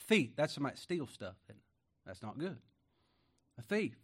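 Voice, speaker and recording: A man's voice: medium pitch, big pitch swings, moderate pace, slightly rough. Folksy preacher man. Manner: folksy, conversational preaching with rhetorical questions; swings between loud emphasis and quiet asides. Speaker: pastor. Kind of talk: sermon.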